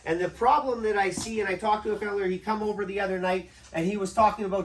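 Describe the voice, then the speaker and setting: High-voiced man preaching conversationally. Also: steady tone, quick pace, few pauses. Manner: conversational, draws answers from the congregation, tags lines with "right?". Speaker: pastor. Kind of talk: interactive sermon. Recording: distant mic with faint background noise.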